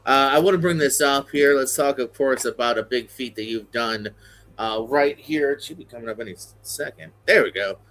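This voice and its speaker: A man's voice: medium pitch, normal speed, a bit bright. A male host asking an interview guest questions and reading out wrestling history with lots of fillers. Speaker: podcast host.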